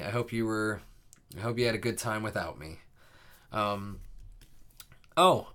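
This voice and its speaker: With a mid-range, fairly bright voice, a young man runs a live coding stream. He rambles in casual conversation with his viewers ahead of the lesson, his speech full of fillers and restarted phrases.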